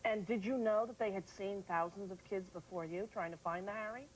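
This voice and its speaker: A woman's voice: mid-range voice, fairly quick, slight background noise, poor audio. A woman hosting a TV talk show interview in a studio, chatty and playfully teasing.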